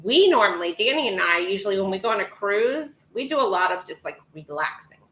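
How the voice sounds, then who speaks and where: A chatty woman co-hosting a casual livestream, talking quickly and reading viewer comments aloud. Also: medium pitch, very animated, a bit bright, reverberant, highs cut off. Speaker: livestream co-host.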